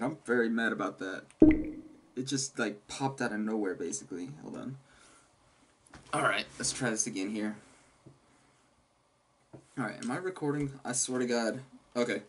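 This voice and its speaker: A man's voice: mid-range voice, expressive, moderate pace, long pauses. A man commentating a horror game he is playing, talking back to the monsters and yelping when startled, speaking into a headset at his home setup. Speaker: gaming channel host. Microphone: gaming headset. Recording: loud background noise.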